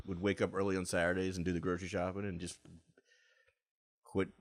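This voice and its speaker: A man's voice: low-pitched, level tone, brisk, no echo, clean studio sound. A middle-aged man from Virginia, chatting as a podcast guest, rambling with many fillers and restarts. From Virginia, USA. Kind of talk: casual chat.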